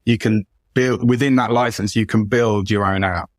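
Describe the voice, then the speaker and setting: A man's voice: fairly low pitch, steady tone, moderate pace, no echo. A man, a guest consultant talking casually on a podcast, often repeating words as he goes. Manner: chatty, repeats words and restarts a lot.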